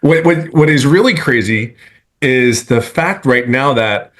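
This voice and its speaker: A man's voice: mid-range voice, a little slow, fairly bright tone. Earnest middle-aged man on a video call. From California. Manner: earnest, rambling with many restarts. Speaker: webinar guest speaker. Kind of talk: casual testimonial on a video call.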